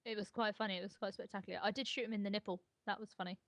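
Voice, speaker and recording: A woman's voice: medium pitch, steady tone, rapid-fire, no room sound. A young woman chatting casually while gaming, teasing and giggling as she tells stories. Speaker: gaming co-host.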